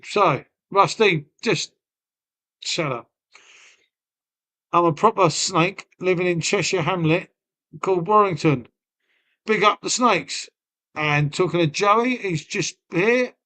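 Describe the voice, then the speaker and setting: A man with a Lincolnshire accent chats loosely on his own live stream. His voice sits high for a man, and he rambles, swears and calls everyone mate. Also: slow pace, long pauses, bright, forceful tone. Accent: Lincolnshire English. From Lincolnshire, England. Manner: banters with chat, swears freely, trails off; folksy, peppered with "mate" and "innit". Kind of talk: casual live-stream chat.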